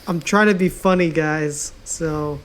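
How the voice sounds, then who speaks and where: A man's voice: a little high, fairly even intonation, measured pace. A laid-back man co-hosting a casual podcast chat. He talks in an easygoing way and swears casually as he goes. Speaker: podcast co-host.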